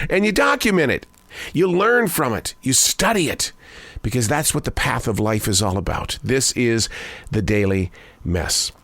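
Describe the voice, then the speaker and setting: An older man, a broadcaster and daily writer, hosting a reflective spoken essay with wandering pitch, quick bursts and slow emphatic phrases. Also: fairly bright tone, dry recording.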